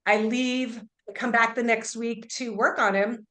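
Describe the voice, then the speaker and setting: A woman's voice: on the high side, steady tone, a little slow, a bit bright. A woman Reiki healer telling an earnest, emphatic story as an interview guest, often restarting her sentences. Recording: roomy echo.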